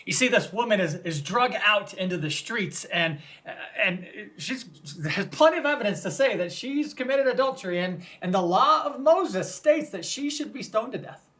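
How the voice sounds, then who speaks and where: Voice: medium pitch, expressive, normal speed, hardly any pauses, fairly bright tone. A pastor giving a conversational Lenten sermon, retelling scripture scenes vividly and inviting listeners to picture them.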